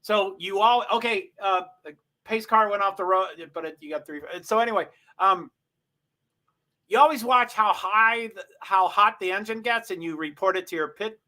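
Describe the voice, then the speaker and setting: A man's voice: sits high, normal speed, pushed and bright. A man hosting a casual livestream, chatting with viewers, thinking aloud and reading race stats off the screen. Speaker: livestream host.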